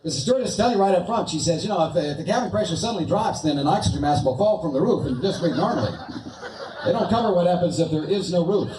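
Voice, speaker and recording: A man's voice: sits high, animated, fast. An American male comedian doing a stand-up set, telling stories in a rambling way with restarts and asides. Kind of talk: stand-up routine. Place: large venue, live audience. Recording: echoey hall, distant mic, crowd noise.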